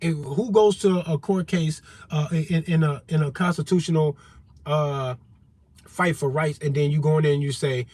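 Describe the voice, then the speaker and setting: A man's voice: on the high side, fairly even intonation, moderate pace, darkish tone. A man in an unscripted monologue, talking straight at his listeners in a profane, confrontational, heated way. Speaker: vlogger.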